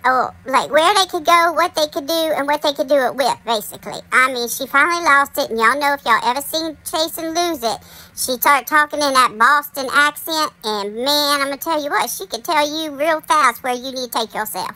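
A woman hosts a casual commentary monologue in a high, bright voice. She is chatty and speaks straight to her viewers. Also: normal speed, rough recording. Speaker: commentary channel host.

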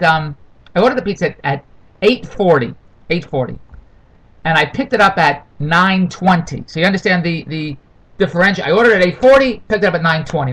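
A man's voice: high voice, a bit bright, rough recording. A middle-aged man rambling through a comic, complaining monologue, repeating himself and wandering off on tangents. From Toronto. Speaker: vlogger.

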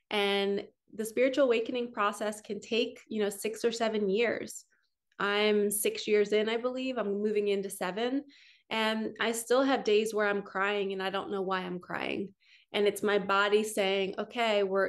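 A middle-aged woman, a spiritual coach, giving an earnest, flowing teaching monologue with lots of repetition. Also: medium pitch.

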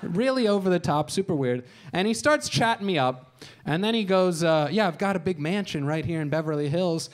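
A man in his thirties, performing stand-up on a comedy show stage, tells crude stories with a deadpan delivery and adopts voices for quoted characters. His voice is high-pitched and brisk.

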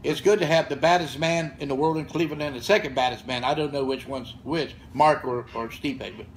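A man's voice: fairly high pitch, steady tone, a little fast, a little hiss or hum, poor audio. Blunt, fired-up older man telling stories. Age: 60s. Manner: blunt, profane, fired-up storytelling. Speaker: podcast guest and gym founder. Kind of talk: casual podcast storytelling. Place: gym or studio with room ambience.

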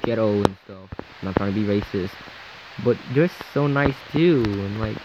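Low-voiced man ranting to camera. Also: normal speed, lo-fi sound, noisy background. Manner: frustrated, rambling, heavy on "like" and "you know", re-enacts dialogue. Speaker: vlogger. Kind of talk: casual ranting story to camera.

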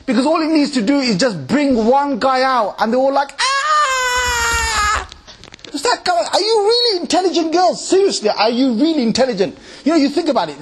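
A man giving a lively religious lecture in an animated, mocking, conversational way. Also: high voice, slight background noise. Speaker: Islamic lecturer. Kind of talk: lively sermon-style lecture.

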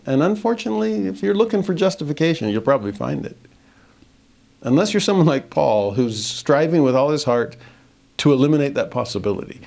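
Animated man teaching scripture. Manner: animated, shifts pitch for emphasis, reads verses slowly. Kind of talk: verse-by-verse scripture lesson.

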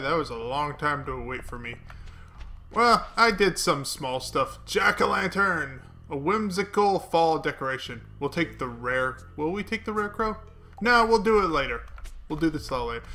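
Chatty gamer guy, bright forward tone, talks to himself and viewers. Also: high voice, animated, moderate pace, soft background music. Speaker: gaming video host. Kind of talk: let's play commentary.

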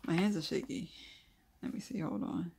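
A craft video host teaches casual calligraphy in a mid-range voice that's gravelly and slightly rough, with slight background noise in the recording. Reading from notes gives way to chatty asides and quiet mumbling while drawing letters, and the delivery remains unhurried and homespun.

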